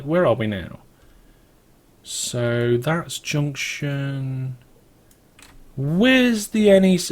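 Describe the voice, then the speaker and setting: A British man hosting a let's play, giving casual gameplay commentary as he thinks aloud in a wandering, chatty way. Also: mid-range voice.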